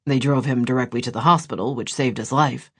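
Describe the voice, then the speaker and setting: A man's voice: mid-range voice, brisk, a bit bright, husky. A man voicing Gabriel, a dry, grumbling doctor and younger brother, in an audiobook.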